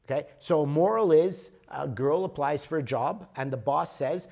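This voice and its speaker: A man's voice: a little high, normal speed, gravelly, darkish tone. A man leading a workshop, explaining ideas patiently and often checking in with "okay?". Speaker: workshop leader. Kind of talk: workshop teaching. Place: workshop room.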